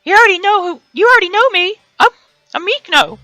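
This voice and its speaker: A man voicing a bubbly young woman who works as a resort greeter, in a squeaky falsetto, eager and chirpy, reading from a dating game. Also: lively intonation, brisk, bright, forceful tone, no room sound, soft background music, heavily acted, rough recording.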